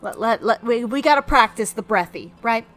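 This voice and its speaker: A woman's voice: a little high, expressive, fairly bright tone. A woman giving jokey, rambling commentary while streaming a video game. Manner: jokey, rambling, quick asides.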